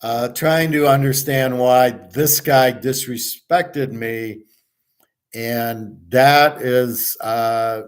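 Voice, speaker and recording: A middle-aged man, a sports handicapper, hosting a blunt, boastful rant full of profanity. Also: mid-range voice. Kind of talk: casual monologue.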